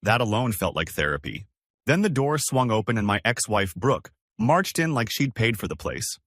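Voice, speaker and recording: A man narrating dramatic relationship stories in a scripted storytelling style, switching to a higher pitch for the women's lines. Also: big pitch swings, normal speed, a bit bright, dry recording, studio quality.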